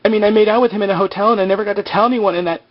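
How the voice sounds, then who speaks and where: Overwrought grieving young woman, pitched high above his own voice as a man puts her on, on a dull lo-fi recording. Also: steady tone, racing. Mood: hysterical.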